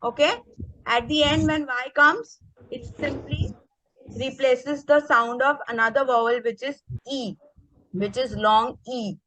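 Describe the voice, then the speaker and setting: A woman's voice: high voice, steady tone, measured pace, pushed and bright, slight background noise, poor audio. A woman leading an online teacher workshop. She speaks with energy and keeps checking in with the group by asking "okay?". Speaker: teacher trainer. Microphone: video call.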